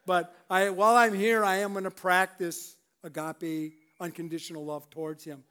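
A man's voice: high-pitched, little pitch movement, normal speed, hardly any pauses, sharp tone, clean tone. A male pastor giving a conversational sermon, often chuckling and restarting his sentences.

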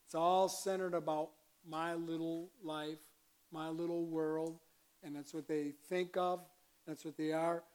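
A man preaching a conversational sermon as a pastor, with sudden bursts of loud emphasis. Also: a little high, level tone, a little slow, clear, resonant tone.

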